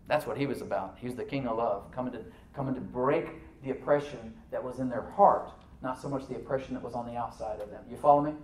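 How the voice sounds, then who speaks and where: A pastor preaching in a roomy, echoing church, picked up from some distance off the mic. He is animated, firing rhetorical questions at the congregation and dropping into soft asides. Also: mid-range voice, fast, hardly any pauses. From United States. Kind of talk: sermon.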